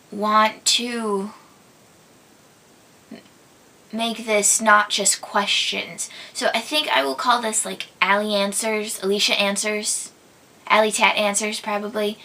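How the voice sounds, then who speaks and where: A woman's voice: mid-range voice, fairly even intonation, slow pace, pauses often, pushed and bright. A young woman from Minnesota hosting her own vlog, chatting casually and answering viewer questions, giggly and hesitant with plenty of ums. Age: young adult. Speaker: vlog host. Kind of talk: casual chat.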